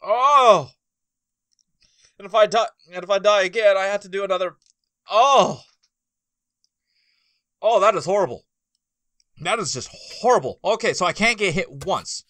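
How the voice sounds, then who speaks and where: A man hosting a gaming video, talking casually as he plays, loud and excitable, exclaiming and groaning often. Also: high-pitched, moderate pace, pauses often, no echo. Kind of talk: casual gameplay commentary.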